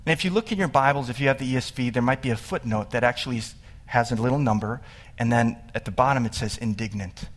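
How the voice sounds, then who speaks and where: A man preaching a sermon, telling the story with animation and getting louder and higher as he builds, then dropping quiet for sad parts. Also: fast talker. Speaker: pastor.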